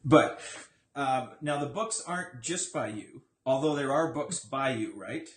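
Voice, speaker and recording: A man with a voice of middling pitch leads a relaxed interview, teasing his guest in a playful way. The room around him is echoey and roomy. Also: measured pace. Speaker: interviewer, author. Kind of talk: casual interview.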